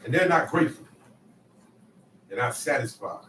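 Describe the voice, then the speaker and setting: A man's voice: mid-range voice, lively intonation, moderate pace, a bit bright. A man teaching a Bible study to a small group, emphatic and acting out quotes as he calls on his listeners. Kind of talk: preaching scripture study. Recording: echoey room, distant mic, faint noise.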